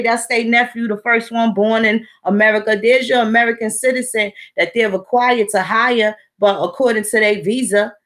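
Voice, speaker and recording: A woman's voice: on the high side, fairly bright tone. A woman, telling stories in a blunt, profane casual monologue. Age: 40s. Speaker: vlogger.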